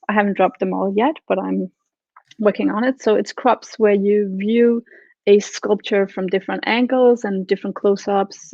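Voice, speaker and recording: A woman, a guest artist, calmly explaining her work in an interview over a video call. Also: medium pitch, creaky, no echo. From Denmark. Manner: matter-of-fact, explanatory. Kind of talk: interview answers. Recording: dry, dull lo-fi call audio.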